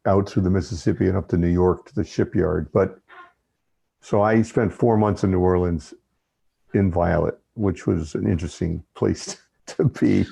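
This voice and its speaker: A man who is a guest on a podcast, telling stories in an easygoing, unhurried way. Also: deep voice, steady tone, vocal fry, dark tone, breathy edge. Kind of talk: casual interview chat.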